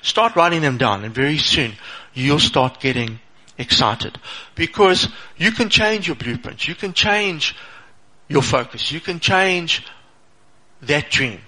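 A man's voice: on the high side, expressive, slow pace, sharp tone, rough recording. A middle-aged man gives an informal motivational talk, sharing a personal story and asking "okay?" again and again. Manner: conversational, repeats "okay?" often, restarts phrases. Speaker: speaker sharing a personal testimony.

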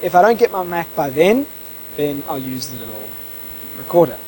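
A man who interviews people, telling a casual anecdote in an animated way and acting out the dialogue. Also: on the high side, normal speed, background noise.

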